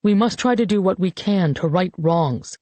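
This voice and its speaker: A woman voicing a grieving grown man, a father giving a eulogy, in an audiobook; he speaks slowly and measuredly. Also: fairly low pitch, animated, mellow, no room sound. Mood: solemn. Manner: slow, measured, solemn speech. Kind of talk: audiobook character reading.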